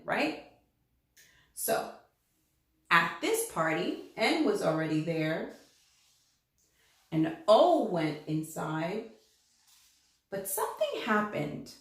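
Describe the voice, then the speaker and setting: A woman's voice: medium pitch, very echoey. A woman teaching a children's reading lesson, telling it as a story and acting out the letters. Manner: animated storytelling, acts out letters' lines.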